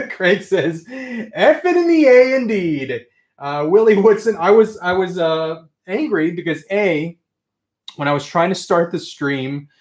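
Male livestream host, excitable and ranty, high lively voice. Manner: excitable, ranting, says friggin' often. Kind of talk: casual livestream chat.

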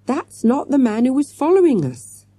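A woman's voice: sits high, sing-song, normal speed, dark tone, slightly rough, pitched above the performer's own voice, heavily acted. Woman doing Morgan, an earnest young schoolboy. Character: schoolboy, level-headed and earnest.

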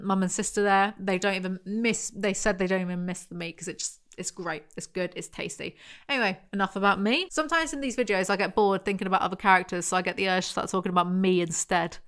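A woman reviewing a novel out loud, reading passages and breaking in with sardonic, casually sweary commentary. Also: mid-range voice, clean tone. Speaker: book reviewer. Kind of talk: reading aloud with mocking commentary.

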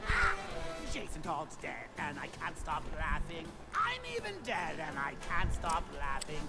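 A man's voice: a little high, huge pitch swings, unhurried, loud music behind the voice, heavily acted. A man singing as a cackling, mocking clown villain in a video game, laughing between lines. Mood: gleeful taunting. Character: cackling male clown villain, taunting and gleeful.

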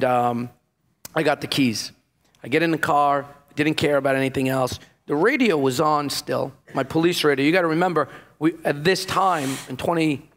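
A man, a former police officer, telling his story in an interview with lots of fillers and acted-out dialogue. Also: fairly high pitch. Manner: emotional storytelling, acts out the dialogue, many fillers. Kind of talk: personal testimony in an interview.

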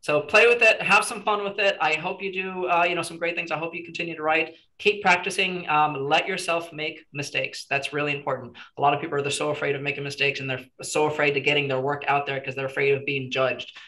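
A man's voice: a little high, fairly even intonation, quick pace, few pauses, bright, forceful tone, rough recording. A man teaching a casual screenwriting workshop to a small group, chatty and encouraging with lots of "you know"s.

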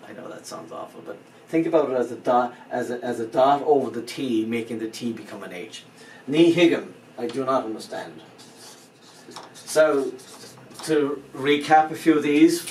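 A man's voice: mid-range voice, moderate pace, distant mic. Man teaching phrases in an echoey room. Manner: explains patiently, repeats phrases, spells out words letter by letter. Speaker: language teacher. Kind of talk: informal spoken language lesson. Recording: echoey room, voice from off-mic, faint background hum.

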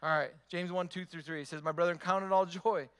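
A man preaching with a high, bright voice. He drives his points home with repetition and rhetorical questions in an emphatic pastor's delivery. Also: steady tone, fairly quick, clear, resonant tone. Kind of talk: sermon.

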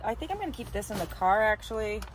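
A woman's voice: mid-range voice, sing-song, fast, a little hiss or hum. A young woman in her twenties, chatting casually for her vlog in an upbeat way with lots of fillers. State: out of breath. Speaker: vlogger. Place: in her car, then at home by a bookshelf.

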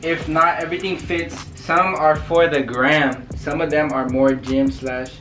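A young man, a YouTuber, opening fan mail at home in a vlog, talking in excited, slangy, thankful bursts. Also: a little high, a little slow. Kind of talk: unboxing vlog. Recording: music playing under the voice.

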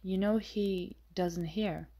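A woman's voice: medium pitch, fairly even intonation, takes it slowly, dark tone. A woman reading the part of a male servant who gives plain, helpful suggestions. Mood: matter-of-fact.

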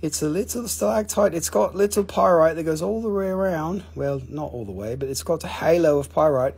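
An Appalachian man with a somewhat higher, husky, darkish voice hosts a livestream selling minerals, speaking briskly. Playful and joking, he teases his viewers and banters loosely while moving from item to item in casual sales chat.

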